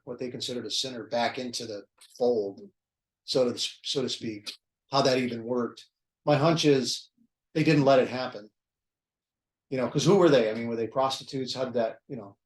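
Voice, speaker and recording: A man leading a Bible study, talking through the text in a conversational way, thinking aloud and restarting phrases. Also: mid-range voice. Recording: echoey room.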